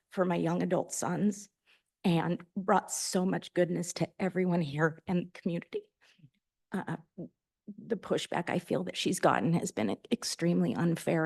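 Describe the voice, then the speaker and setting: Emotional woman speaking off the cuff, gravelly. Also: on the low side, darkish tone. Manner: emotional, halting, repeats words. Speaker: public commenter. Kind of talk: unprepared heartfelt remarks. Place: county planning commission meeting.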